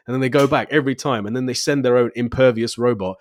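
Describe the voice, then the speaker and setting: A man's voice: medium pitch, fast talker, no echo, clean studio sound. A man co-hosting a podcast in casual chat, laughing often and acting out lines of dialogue. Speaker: podcast co-host.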